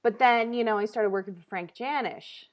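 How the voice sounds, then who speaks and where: A woman in her thirties hosting a comedy talk show, telling a story in an animated, laughing, casual way. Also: a little high, moderate pace, dull audio.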